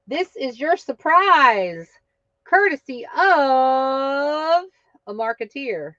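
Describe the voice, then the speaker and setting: A woman hosting an online craft market live stream, exuberant and cheering winners with loud whoops. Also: high-pitched, animated, extremely slow, no echo, lo-fi sound.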